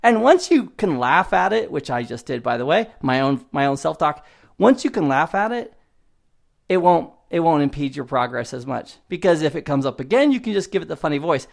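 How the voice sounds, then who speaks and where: A man in his fifties giving a motivational IT training lesson in an animated, conversational way, often laughing at himself. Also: a little high, brisk, vocal fry. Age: 50s. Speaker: IT instructor.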